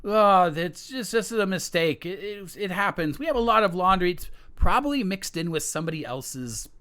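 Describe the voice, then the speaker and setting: A man's voice: high voice, animated, normal speed, bright, forceful tone, voice pushed up. A man voicing a nervous young son who stammers out excuses to cover his theft. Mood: placating. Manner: stammering, placating.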